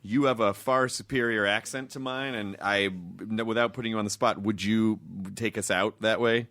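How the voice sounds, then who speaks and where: A man's voice: fairly low pitch, fairly even intonation, moderate pace, fairly bright tone. An American man hosting a podcast, chatting casually and enthusiastically with many restarts. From United States. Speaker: podcast host. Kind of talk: casual interview chat.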